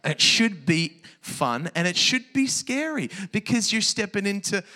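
A man's voice: high voice, very animated, a little slow, sharp tone. A man leading a children's church service, speaking with playful, enthusiastic energy from a church stage. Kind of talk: energetic church talk to kids.

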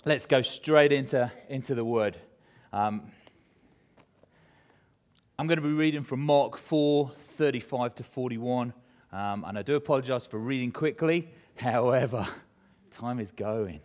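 A man preaching a sermon, reading scripture and telling a self-mocking story with animated humor. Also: mid-range voice, a little slow. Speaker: pastor.

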